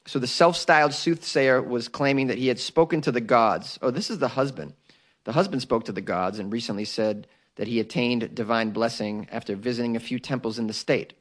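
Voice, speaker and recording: A man hosting a daily news podcast as a comedian, riffing loosely with joking asides. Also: medium pitch.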